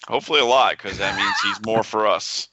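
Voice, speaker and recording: A man co-hosting a casual podcast, talking in a halting, stuttery way and stumbling over words as he reads. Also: on the low side, sharp tone, no room sound, highs cut off. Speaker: podcast co-host.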